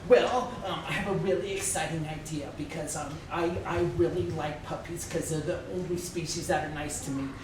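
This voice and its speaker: A man's voice: a little high, fairly even intonation, brisk, few pauses, noisy background, close to an everyday voice. Man playing a stammering awkward date, live improv, echoey hall. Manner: stammering, nervous. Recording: echoey stage from far off with audience.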